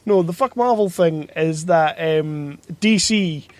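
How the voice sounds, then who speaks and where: A man's voice: on the high side, takes it slowly, a little mellow, dry recording. A man hosting a podcast in casual chat, swearing freely and laughing often. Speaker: podcast host.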